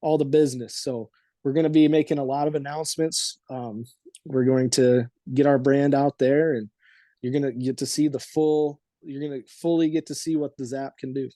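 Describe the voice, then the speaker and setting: A young man with a dark, mellow voice answers an interview in dry, close sound. He stops and restarts often and fills the gaps with ums. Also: mid-range voice, fairly even intonation, dry recording. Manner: halting, full of ums and restarts. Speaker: guest, team co-owner.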